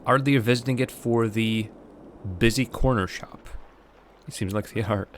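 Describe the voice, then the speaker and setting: A livestreamer from Latvia whose native language is Russian provides live gameplay commentary, thinking aloud and chatting with viewers between remarks on the game. His mid-range voice is fairly even in intonation at a moderate pace, rambling with fillers and restarts, over a little hiss or hum.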